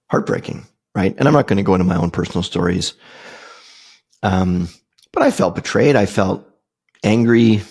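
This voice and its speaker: Deep, gravelly, and a little mellow, a middle-aged man's husky, unpolished voice carries a personal story on the podcast he hosts. His telling is loose and meandering, with plenty of fillers and restarts.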